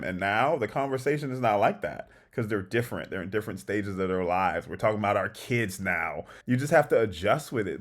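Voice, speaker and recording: A man co-hosting a relationship podcast, talking casually and acting out little stories with quoted lines. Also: fairly low pitch. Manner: animated storytelling, acts out quotes. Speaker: podcast co-host. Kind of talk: casual conversation about relationships.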